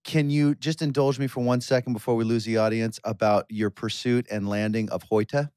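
A man's voice: medium pitch, steady tone, moderate pace, a little mellow, clear, resonant tone, dry recording, studio quality. A man in his fifties co-hosting a podcast, asking eager, rambling questions in casual chat. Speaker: podcast co-host, interviewer.

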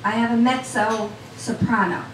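A woman's voice: a little high, fairly even intonation, normal speed, background noise. A woman telling a personal story to a live audience in a cafe, talking straight to the crowd in a chatty way. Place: small cafe event. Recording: roomy sound from a distant mic.

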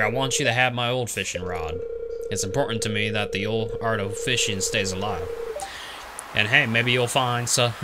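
A man's voice: fairly low pitch, close to an everyday voice. A man voicing a jolly, weathered old male fisherman with hearty, folksy patter and a loose put-on accent. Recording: noticeable background noise with clicks.

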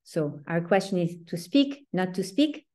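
A woman's voice: fairly low pitch, animated, measured pace, a little mellow. A woman giving a Torah lesson, earnest and emphatic, often restarting her sentences. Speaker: Torah teacher.

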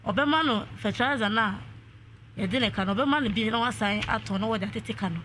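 A woman's voice: a little high, a little fast, fairly bright tone, a little hiss or hum. A woman calling in to a radio show, telling a long family dispute and quoting what others said. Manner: long narration with quoted speech. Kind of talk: radio call-in storytelling.

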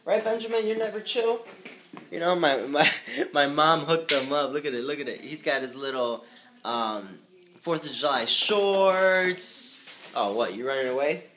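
A man's voice: fairly high pitch, normal speed, noisy background. A young man and father talking casually to his camera at home in a loose, chatty way, swearing freely. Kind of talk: casual vlog chat to camera.

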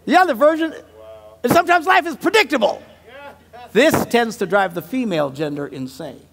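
Man, pastor-comedian, comic sermon, high voice, gravelly rasp, laughs at own jokes. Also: moderate pace. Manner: animated, swings between mumbled asides and loud punchlines; laughs at his own stories.

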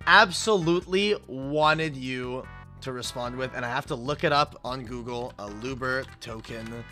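Young male stream host, hype-prone, crisp bright voice. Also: mid-range voice, measured pace. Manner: excitable, shouts and swears when hyped. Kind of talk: casual stream chat. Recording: game music in the background.

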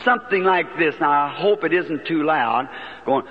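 High, husky preacher in a hall. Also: male voice, normal speed. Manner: folksy, earnest, vivid storytelling. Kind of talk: sermon testimony storytelling. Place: large auditorium. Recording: dull archival 1950s sermon recording in a long-echo hall.

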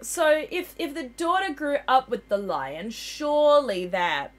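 A woman's voice: high-pitched, big pitch swings, unhurried, crowd noise. A woman hosting a game livestream, chatting casually and laughing often as she plays. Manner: giggly, chatty. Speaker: livestream host. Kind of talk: casual chat over gameplay.

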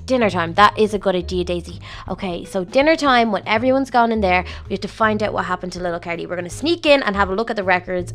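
A woman's voice: medium pitch, lively intonation, fast, hardly any pauses, fairly bright tone. A young woman doing a solo game role-play as a lonely old lady in a nursing home, talking wistfully and sighing as she chats to her pet. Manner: wistful, talks to her pet, sighs often. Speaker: Minecraft role-play player. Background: faint background music.

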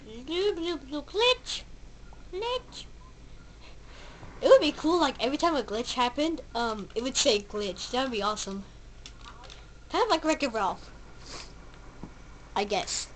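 A woman giving casual gameplay commentary, excitable, yelping at the game and babbling silly sound effects. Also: a little high, moderate pace, pauses often, a little hiss or hum, poor audio. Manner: excitable, yelps and shouts at the game. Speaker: let's play gamer.

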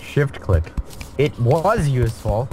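A man's voice: medium pitch, animated, takes it slowly, noisy background. A man chatting casually while playing a video game, rambling through silly jokes and stories. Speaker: let's play co-host. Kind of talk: casual gaming commentary.

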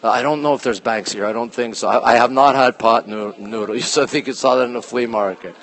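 A man hosting a casual live stream from a phone as he walks through an art museum, reading out artwork titles slowly and greeting viewers by name, sometimes dropping his voice low. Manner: talks low at times to keep quiet. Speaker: livestream host touring a museum. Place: indoor art museum gallery.

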